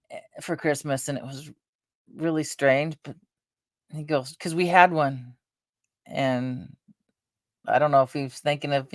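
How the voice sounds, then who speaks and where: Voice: medium pitch, gravelly, no room sound. Rambling middle-aged vlogger, dry sound. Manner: meandering, chatty, lots of fillers and restarts. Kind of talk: casual rambling chat.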